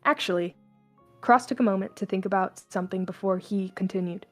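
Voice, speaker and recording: A woman's voice: mid-range voice, fairly even intonation, quick pace, faint music behind. Casual young woman reading fan fiction aloud. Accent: mixed, slipping toward Southern US. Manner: casual, stumbling, laughing asides.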